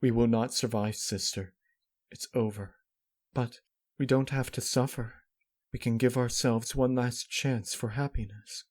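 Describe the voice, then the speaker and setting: A man voicing a weary, grim female pony princess, speaking low and resigned. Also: steady tone, unhurried, darkish tone, close to an everyday voice.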